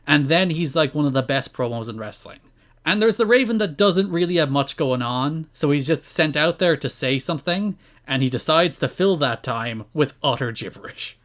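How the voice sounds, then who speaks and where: Man, podcast co-host, casual chat, wry storytelling, slightly high voice. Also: lively intonation, moderate pace, fairly bright tone.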